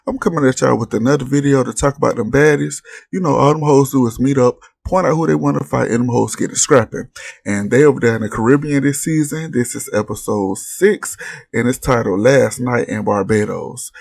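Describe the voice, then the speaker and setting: A man's voice: mid-range voice, brisk, vocal fry, a little mellow, breathy edge, dry recording, studio quality. A man hosting a casual reality TV recap vlog, blunt and profane as he reads viewers' posts and mocks the cast. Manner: brash, blunt, profane trash-talk with laughs.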